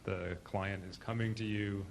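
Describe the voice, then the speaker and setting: A man's voice: on the low side, steady tone, measured pace, gravelly, a little hiss or hum. A man, a student at a hypnosis workshop, asking a question hesitantly and searching for his words.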